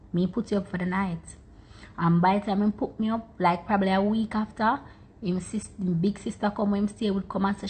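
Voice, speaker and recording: A woman with a Jamaican accent, telling her own story on an Instagram live through a phone mic, stressing points by repeating words. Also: medium pitch. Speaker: social media personality.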